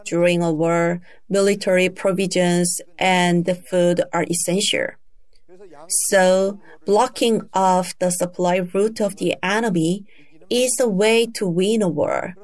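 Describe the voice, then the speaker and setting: Woman, sermon, slow measured delivery, storytelling. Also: on the low side, steady tone. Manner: slow, deliberate storytelling with emphatic raised cries for quoted shouts. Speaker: preacher.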